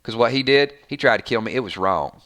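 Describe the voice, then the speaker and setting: A man imitating a Southern woman survivor, slow and preachy, with a heavy Southern drawl. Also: mid-range voice, lively intonation, fairly bright tone, pitched below the performer's own voice, natural voice. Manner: slow, drawn-out, moralizing.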